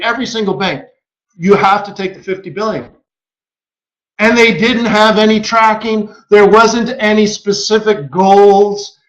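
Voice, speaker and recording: A man with a fairly high voice hosts a live webinar, rambling through stories and mimicking the people in them. The sound is dull and lo-fi, with a roomy echo around him. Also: unhurried. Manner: animated storyteller who acts out quoted voices. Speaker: forex market strategist and webinar host. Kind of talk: casual live webinar commentary. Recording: echoey room, dull lo-fi audio.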